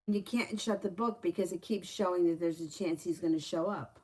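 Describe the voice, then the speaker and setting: A woman's voice: on the low side, a little fast, a little mellow, breathy edge. A woman running a live-stream tarot reading, chatty and blunt, swearing freely when something annoys her. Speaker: tarot reader.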